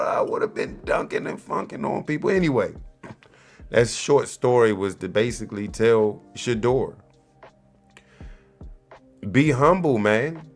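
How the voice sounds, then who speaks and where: Profane, slangy man riffing on sports. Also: medium pitch. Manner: loose, profane street slang. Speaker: show host. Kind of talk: casual commentary.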